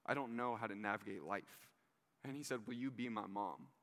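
Bright-voiced man preaching in a hall. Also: lowish voice, normal speed. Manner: earnest, conversational preaching with casual asides. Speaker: pastor. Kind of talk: sermon.

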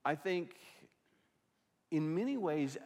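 Impassioned high-voiced pastor in a reverberant hall. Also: male voice, expressive, takes it slowly. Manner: impassioned preaching, swinging from loud to hushed. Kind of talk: sermon. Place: church sanctuary. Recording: long reverb of a large hall.

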